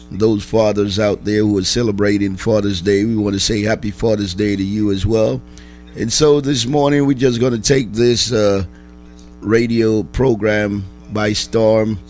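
A man with a fairly low voice hosts a morning radio show as a chaplain. He speaks with a preacher's exhorting, repetitive cadence, and his voice sounds rough, as if he has just woken up. Faint music plays behind him. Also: flat delivery, measured pace, darkish tone.

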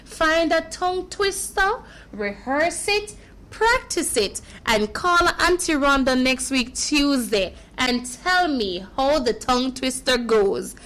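A woman's voice: high voice, lively intonation, takes it slowly, a bit bright. A woman hosting a children's radio show, chatting playfully with kids on air and laughing at her own slips.

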